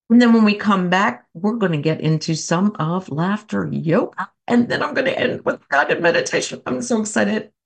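A woman host with a slightly low voice leads listeners through breathing exercises. She talks loudly and with warm encouragement, pausing to count breaths. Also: gravelly. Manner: loud, animated and encouraging. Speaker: host and life coach.

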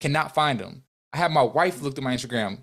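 A man's voice: medium pitch, lively intonation, brisk, vocal fry, a bit bright. Young male podcast guest, earnest and emotional storyteller, mid-range voice. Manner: earnest, emotional storytelling with many restarts and quoted dialogue. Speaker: podcast guest, business owner.

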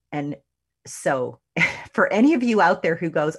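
A middle-aged woman with a low voice hosts a radio show. She talks to her listeners in a loose, chatty way, laughing now and then and letting out lively exclamations. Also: a little slow, slightly rough. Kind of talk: casual motivational talk.

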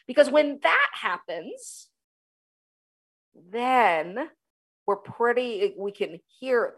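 Female talk-show host, fairly high voice, emphatic and energetic, coaching tone. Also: extremely slow, long pauses. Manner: energetic, emphatic, repeats key phrases. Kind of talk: solo talk show monologue.

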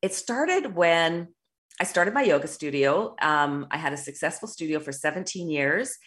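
A woman's voice: deep voice, animated, normal speed, a bit bright. A middle-aged woman talking as an intuitive business coach, earnest and rambling, with frequent restarts and tag questions. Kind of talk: casual monologue.

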